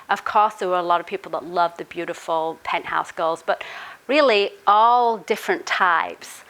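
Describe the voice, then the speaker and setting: A woman's voice: mid-range voice, fairly bright tone, rough recording. A woman telling a casual, chatty anecdote, often laughing and filling gaps with "um" and "you know.". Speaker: author and storyteller.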